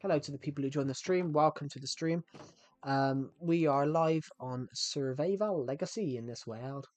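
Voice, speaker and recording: A man live-streams a game, chatting to viewers in a rambling, self-interrupting way and often cutting himself off mid-sentence. His voice sits on the high side with a darkish tone, at a moderate pace, and there's no echo.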